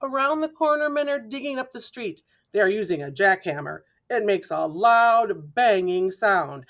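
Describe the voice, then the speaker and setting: A woman reading a children's picture book aloud slowly and clearly, imitating the sounds in the story with playful mouth noises. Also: medium pitch, animated, faint music behind. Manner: slow, clear reading to young listeners. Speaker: storybook reader.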